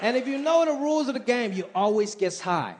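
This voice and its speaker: A man with a high voice performing stand-up comedy in an animated way, dropping in quick impressions. He is recorded live in a club, with a laughing audience and steady background noise. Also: crowd noise. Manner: animated, shifts between impressions.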